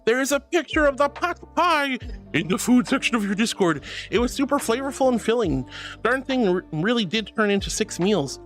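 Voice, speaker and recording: A woman's voice: a little high, big pitch swings, normal speed. Bubbly woman streamer with a bouncy, swooping voice and light music underneath. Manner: bubbly, giggly, affectionate. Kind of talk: casual chat, reading chat aloud.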